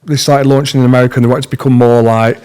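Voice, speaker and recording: A young British man, a podcast guest, telling stories in a casual, slangy, animated way. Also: medium pitch, racing, clear, resonant tone. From Britain. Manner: animated, slangy, acts out dialogue in lively bursts. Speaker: podcast guest, tattoo artist. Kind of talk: casual storytelling.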